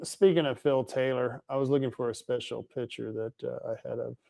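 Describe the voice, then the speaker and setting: A man hosting a live talk stream, reading viewer comments aloud in a relaxed, musing way. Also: mid-range voice, fairly quick, gravelly. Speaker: host. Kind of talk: casual talk show chat.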